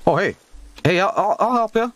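A man's voice: expressive, brisk, a bit bright. A young man streaming a horror game, joking, swearing and yelping in fright. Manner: jokey, swearing, sudden high yelps. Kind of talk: gaming stream commentary.

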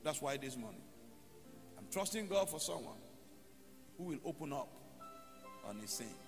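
A man's voice: mid-range voice, very animated, normal speed. A male pastor preaching a sermon, telling short stories and leading the congregation in prayer. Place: church hall. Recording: long church hall reverb, faint music.

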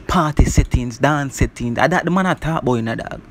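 A man casually reviewing a song, talking in an animated way and filling his lines with "bro" and "you see me". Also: medium pitch, fairly quick, soft background music. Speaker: music reviewer.

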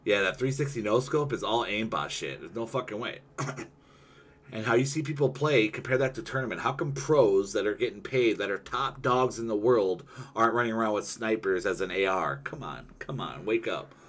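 A man's voice: on the low side, moderate pace, fairly bright tone. A young man streaming a video game, ranting heatedly and swearing constantly in casual chat with a friend. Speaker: gaming streamer.

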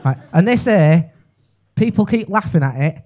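A man with a Liverpool accent performing a stand-up set in a comedy club, telling a story fast, full of "right?" and swearing. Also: high voice, animated, a little mellow.

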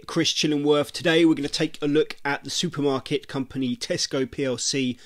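A man hosting a casual stock analysis vlog, chatty and informal, his voice croaky and nasal from a cold. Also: on the high side, fairly even intonation, brisk, hardly any pauses. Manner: chatty, informal, talks straight to viewers. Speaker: investing video host.

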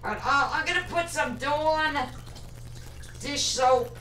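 A woman's voice: high-pitched, takes it slowly, pushed and bright. A woman livestreaming from her kitchen, chatting hesitantly with lots of ums while answering viewer comments. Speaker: vlogger. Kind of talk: casual livestream chat. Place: home kitchen. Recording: echoey kitchen, distant mic, faint hum.

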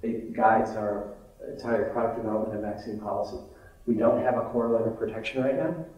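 A middle-aged man lectures doctors in a loose, candid way, with plenty of ums and asides. His voice is mellow and a bit dark. It comes from some distance off and rings around a large echoey hall. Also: lowish voice, fairly even intonation, a little fast, muffled recording. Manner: conversational, candid, self-deprecating, with fillers. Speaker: physician lecturing on vaccines. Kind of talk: informal medical grand rounds lecture. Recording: echoey hall, mic far off.

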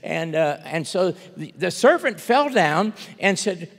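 A man's voice: sits high, measured pace, long reverb tail. A man preaching a sermon as a guest speaker, telling a parable with emphatic, acted-out dialogue. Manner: animated storytelling, acting out parable dialogue, emphatic. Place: church sanctuary.

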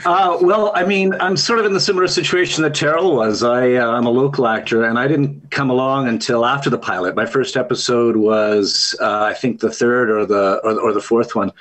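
Actor panelist, male, husky tone, joke-telling storyteller over video chat. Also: medium pitch, a little fast, hardly any pauses, fairly bright tone, low-quality recording. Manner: joking storyteller.

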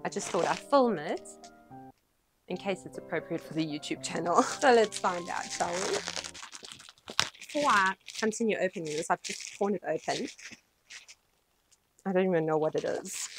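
A woman vlogging casually from her small home dance studio, excitable and gushing as she talks to the camera. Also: fairly low pitch, moderate pace, long pauses, over music. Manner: excitable, gushing, breathless with delight. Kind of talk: casual vlog unboxing.

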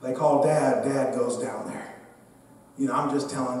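A man's voice: medium pitch, normal speed. A man preaching a sermon, a pastor telling a humorous personal story and joking with his congregation. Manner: humorous, lively storyteller who acts out the people in his stories; talks directly to the congregation and jokes with them. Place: church sanctuary. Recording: echoey church hall, mic at a distance.

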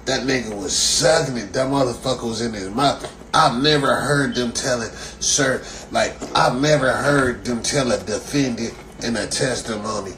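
A man's voice: mid-range voice, normal speed, fairly bright tone, a little hiss or hum. A man delivering a profane, mocking comedic rant, repeating himself for laughs. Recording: echoey room.

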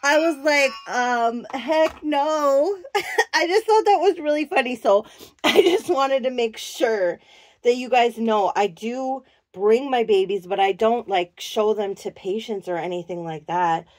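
A woman's voice: a little high, a little slow, no room sound. A woman chatting casually as she shows off doll clothes, gushing and cooing over every little detail. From Minnesota, USA. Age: adult, works in a clinic. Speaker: doll collector vlogger. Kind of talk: casual show-and-tell chat.

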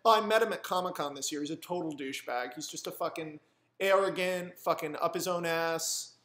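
Snide gossiping young woman voiced lightly by a man, high voice, roomy room. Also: brisk, a bit bright, natural voice. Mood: contemptuous. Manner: contemptuous, sneering. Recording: roomy echo.

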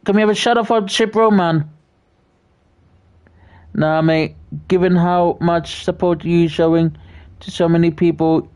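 In a clean, medium-pitched voice, a British livestream host works through viewer messages. He keeps it casual, often stumbling and repeating words as he hands out friendly shout-outs.

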